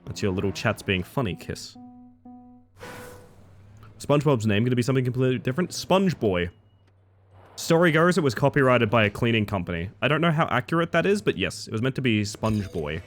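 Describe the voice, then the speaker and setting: Animated, playful male game streamer. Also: mid-range voice, brisk, soft background music. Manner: playful, rambling, riffs on viewers' comments. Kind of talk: casual live-stream chat while playing.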